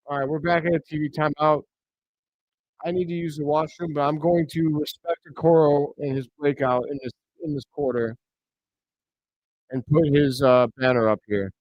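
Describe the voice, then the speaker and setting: Streamer man, fairly high voice, dry dull home mic, excitable play-by-play caller. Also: moderate pace, no room sound. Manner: bursts into excited shouts on big plays. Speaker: host of a live reaction stream. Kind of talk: play-by-play commentary.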